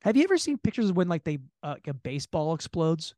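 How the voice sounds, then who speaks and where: A man co-hosting a comedy podcast, telling a long story in an animated, profane way and jumping into high voices when he quotes people. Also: quick pace, no room sound. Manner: laughing, profane. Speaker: podcast co-host.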